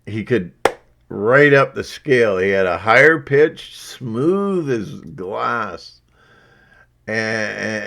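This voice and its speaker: This man, a vlogger, has a mid-range voice with a bit of brightness. His casual chat to viewers wanders all over the place, packed with little asides.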